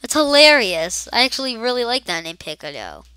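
A woman's voice: a little high, big pitch swings, brisk, bright, forceful tone, clear, resonant tone, dry recording. A woman giving casual, rambling gameplay commentary, full of silly asides. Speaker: let's play gamer.

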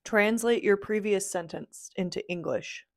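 An upbeat woman hosts a casual software demo from her desk, chatting away in an easygoing, mid-pitched voice. She cheers little successes along the way. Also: measured pace.

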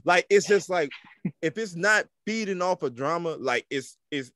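A man co-hosting a podcast in casual chat, slangy and animated. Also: moderate pace. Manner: animated, slangy, jumps in pitch when riled up. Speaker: podcast co-host.

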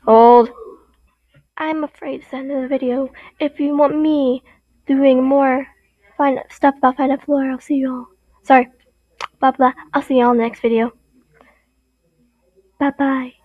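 A woman's voice: high-pitched, fairly even intonation, measured pace, long pauses, dry recording, narrow, tinny audio. A young woman explaining game lore in a rambling, giggly way with many restarts. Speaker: video creator.

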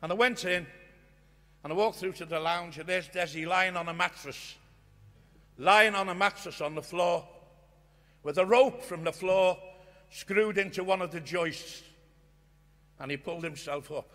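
A man's voice: sits high, a little slow, long pauses. Older man speaking in an echoing hall. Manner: earnest, swings from hushed to shouting, swears. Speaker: guest speaker at a union conference. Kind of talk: impassioned storytelling speech. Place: conference hall. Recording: long reverb of a conference hall.

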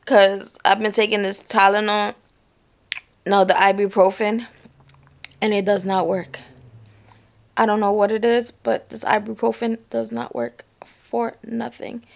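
Worn-out woman with a gravelly voice. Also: mid-range voice, level tone, unhurried, long pauses. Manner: slangy, blunt and swearing, trailing off. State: in pain after surgery, worn out. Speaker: vlogger. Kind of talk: casual chat to camera. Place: at home.

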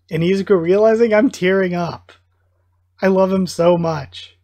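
A man's voice: high-pitched, normal speed, dark tone. A man hosting a live manga reading reaction, commenting in an enthusiastic, gushing fan manner. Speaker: reaction video host.

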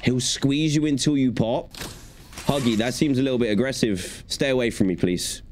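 A man's voice: medium pitch, normal speed, a little mellow, slight background noise. A young man giving chatty, playful commentary while playing a video game. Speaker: gaming YouTuber. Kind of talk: gaming commentary.

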